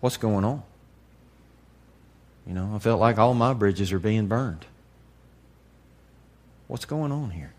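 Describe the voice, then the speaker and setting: A man preaching to a congregation in a candid, folksy way, dropping to a hush and then rising to loud emphasis. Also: on the low side, animated, slow pace, long pauses. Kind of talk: sermon.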